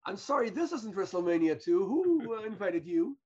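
A man's voice: sits high, big pitch swings, normal speed, crowd noise. A man from Israel co-hosting a wrestling podcast, who stammers a little and cracks dry quips in casual chat. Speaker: podcast co-host. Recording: dull lo-fi mic.

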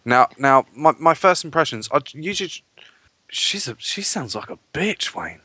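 A man's voice: a little high, very animated, a little slow, sharp tone, soft background music. A man co-hosting a casual podcast, bantering crudely and reading listener letters aloud.

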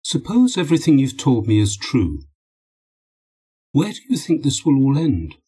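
A man's voice: mid-range voice, moderate pace, slightly rough, voice pushed up. A man reading a firm, weary wife. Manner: calm, firm.

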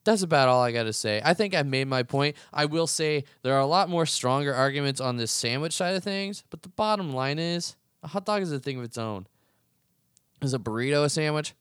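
A man's voice: mid-range voice, a bit bright, clean tone, dry recording, studio quality. A young man hosting a podcast, arguing heatedly and profanely in a casual ranting monologue. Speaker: podcast host.

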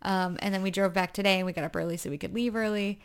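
A woman's voice: mid-range voice, fairly even intonation, fast, smooth. A young woman co-hosting a podcast, overtired and chatty, giggling often and stumbling through fillers and restarts. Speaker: podcast co-host. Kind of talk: casual chat.

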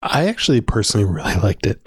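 This podcast co-host, a man, talks fast and chattily through a casual discussion, laughing often and using many "likes" and "ums." His lowish, husky voice swings widely in pitch, recorded dry with clean studio sound.

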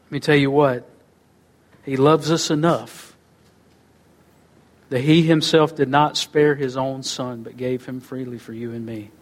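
A man preaching a sermon as pastor, swinging between loud rising phrases and low, quiet phrase endings. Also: steady tone, measured pace, pauses often. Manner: preaching with wide swings in pitch and loudness, dropping low and quiet at phrase ends.

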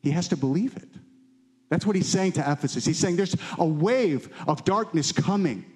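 A man preaching a sermon with fervent emphasis, climbing high on key lines and dropping low and quiet on others. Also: expressive, normal speed. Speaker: pastor.

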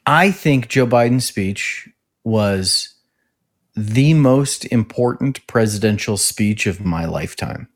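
Earnest measured male co-host. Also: fairly low pitch, expressive. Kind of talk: political commentary chat.

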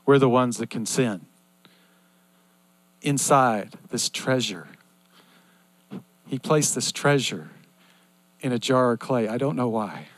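A man's voice: medium pitch, expressive, takes it slowly, long pauses, dry recording. Older man preaching in a dry voice. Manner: earnest, repetitive preaching cadence that swings from loud to hushed. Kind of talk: sermon.

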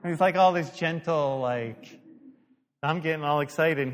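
A man's voice: on the high side, a little slow, long pauses. A male pastor preaching a sermon, telling a story animatedly, acting out the dialogue and laughing at himself. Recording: long hall reverb.

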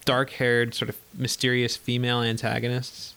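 A man's voice: mid-range voice, completely flat delivery, normal speed, vocal fry, bright, forceful tone, clean tone. A man co-hosting a podcast, talking through films in a rambling way with lots of fillers. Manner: rambling, filler-heavy, laughs often. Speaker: podcast co-host. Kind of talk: casual film discussion.

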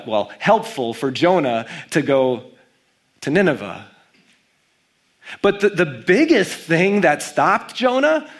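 Pastor guy preaching in church, bit high voice, gets really animated on the big points. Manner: animated preaching, reads scripture aloud with rising emphasis. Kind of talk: sermon.

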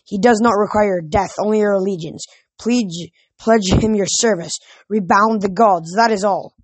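A woman's voice: medium pitch, moderate pace, breathy edge, dry recording, close to an everyday voice. A woman voicing servile, scheming seal-toothed demon smiths in a storybook reading, hissing and urgent.

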